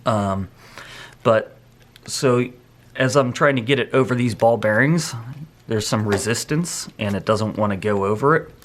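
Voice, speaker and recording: A man explaining a hands-on film photography task step by step, in a relaxed, rambling way, thinking aloud as he works. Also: lowish voice, measured pace. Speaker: photography instructor. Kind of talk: hands-on tutorial.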